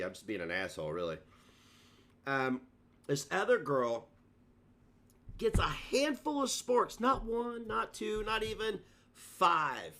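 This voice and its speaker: A man's voice: medium pitch, fairly bright tone. A man streaming, telling a rambling, profane and self-mocking story in a casual rant.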